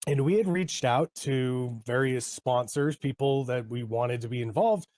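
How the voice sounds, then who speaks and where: A man telling a story to camera in a measured way, slowing down for emphasis. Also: medium pitch, darkish tone, dry recording. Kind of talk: recounting an anecdote to camera.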